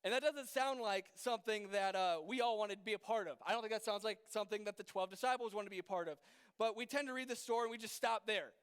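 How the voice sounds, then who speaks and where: A young man speaking as a youth pastor, with a very high, smooth, resonant voice that carries through a hall with long reverb. He preaches casually, with fillers and questions aimed at his listeners. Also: a bit bright. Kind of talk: youth group sermon.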